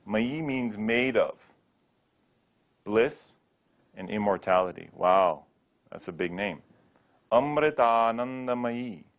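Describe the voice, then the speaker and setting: A man with a slightly low voice teaches pronunciation in a friendly lesson. He says words slowly and repeats them for the learner to copy. He keeps it light with playful rhetorical questions. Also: highs cut off. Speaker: Sanskrit teacher.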